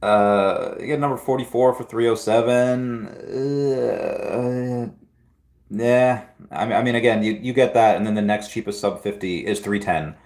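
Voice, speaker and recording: A man's voice: medium pitch, a little slow, darkish tone. A man hosting a casual livestream, rambling through chat questions and often restarting and repeating words. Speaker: livestream host answering chat.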